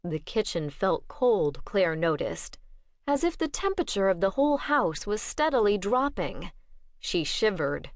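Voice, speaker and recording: Low-voiced woman narrating an audiobook. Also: lively intonation, a little slow, no room sound, clean studio sound. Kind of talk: scripted narration.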